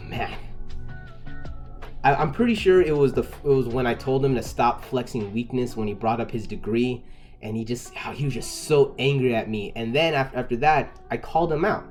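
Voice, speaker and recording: A man telling a casual story-time tale, repeating words and restarting often as he gets worked up and loud. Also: mid-range voice, normal speed, soft background music. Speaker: storyteller recounting a personal incident.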